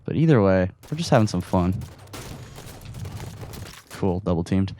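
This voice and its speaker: Speaking low and expressively at a measured pace, this podcast host has a dark tone, with slight background noise in the mix. He plays games while running a casual solo podcast from his room at home. He's a bit out of breath, chatty, and quick to laugh at himself.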